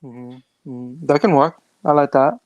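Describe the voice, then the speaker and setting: A co-host in casual podcast chat, giggling often and jumping in with quick follow-up questions. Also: medium pitch, darkish tone, no room sound, dull audio.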